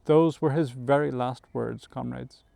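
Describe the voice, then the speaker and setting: A man's voice: medium pitch, fairly even intonation, unhurried, dark tone, no echo. A man doing Squealer, a sly preaching pig. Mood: sanctimonious. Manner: smooth, ingratiating speech-making. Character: sly persuasive male pig propagandist.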